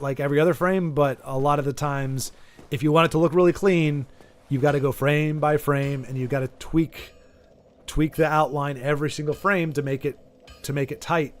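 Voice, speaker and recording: A man hosting a gaming video, chatting casually while he plays and thinking aloud through long, rambling asides. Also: fairly high pitch. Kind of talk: casual chat while playing a game.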